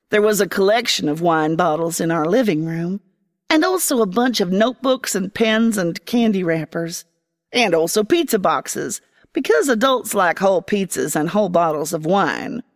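A woman narrating a first-person fantasy story in an expressive, dramatic way. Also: lowish voice, normal speed, in a large hall. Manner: expressive, dramatic, voicing a young girl.

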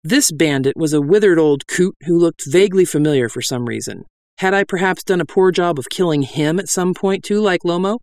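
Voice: mid-range voice, lively intonation, a little fast, a little mellow, dry recording. A reader narrating a comic fantasy tale in a dry, wry storytelling style. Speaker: audiobook narrator.

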